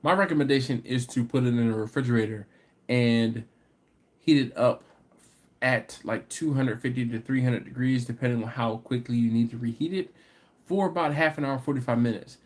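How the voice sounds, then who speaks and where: A man hosts a barbecue live stream, reading out viewer comments and answering them in easygoing, casual talk. He laughs readily and his voice climbs when something annoys him, turning into animated, exasperated rants. His pitch sits in an ordinary middle range for a man. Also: moderate pace. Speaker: barbecue channel host.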